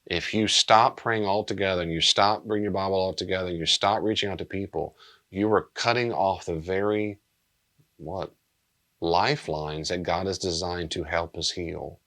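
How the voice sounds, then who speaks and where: Male pastor, middle-aged, deep voice, earnest and plain-spoken, subdued delivery. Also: fairly even intonation, moderate pace, sharp tone. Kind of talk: pastoral teaching talk.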